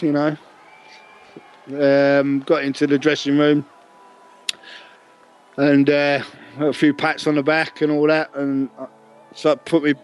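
A man's voice: a little high, a little hiss or hum, poor audio. A middle-aged man, telling a long casual story with many restarts and chuckles. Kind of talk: casual anecdote.

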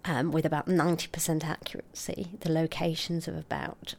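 A middle-aged woman, a scientist explaining her research in an interview, articulate and expressive. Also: low voice, a little fast, creaky. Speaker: scientist guest.

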